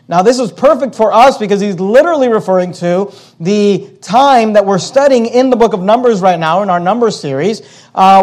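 A man preaching a sermon as the pastor at a church service. He preaches with emphasis, repeats his key questions and slows down to stress words. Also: high-pitched, darkish tone.

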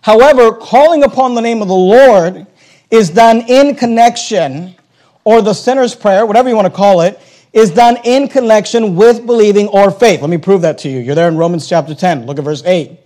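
High-voiced emphatic preacher man. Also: normal speed, dark tone, poor audio. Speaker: pastor. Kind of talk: sermon.

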